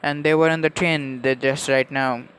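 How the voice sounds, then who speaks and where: A man casually narrating a fan story, rambling on and often correcting himself mid-sentence with a curse or two. His voice sits at a middle pitch, with faint noise behind. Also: fairly even intonation, normal speed, fairly bright tone, low-quality recording. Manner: rambling, self-correcting, swears.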